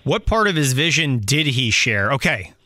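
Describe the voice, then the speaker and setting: A man hosting a sports talk radio show, introducing segments and questioning a guest in a brisk, upbeat way. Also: mid-range voice, big pitch swings, sharp tone, dry recording, studio quality.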